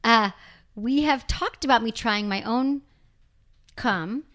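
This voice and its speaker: A woman hosting a sex advice podcast, talking frankly and casually, reading listener emails with quick asides and laughs. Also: on the high side, fairly bright tone. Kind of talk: casual chat.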